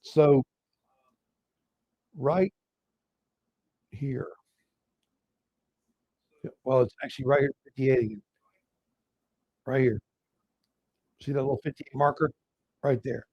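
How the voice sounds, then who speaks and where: A man's voice: mid-range voice, steady tone, slow pace, long pauses, breathy edge, no room sound. Male live-trading host, casual and chatty, keeps calling viewers "guys", dry dull lo-fi sound. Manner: casual, talks to viewers as "guys", walks through chart levels. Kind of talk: live market commentary.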